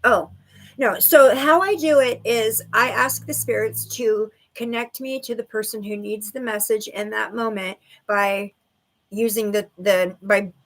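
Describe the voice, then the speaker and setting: A woman's voice: fairly high pitch, measured pace, a bit bright. A woman giving intuitive readings to viewers on a livestream, bubbly and giggly, full of "like" and "okay". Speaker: livestream psychic reader.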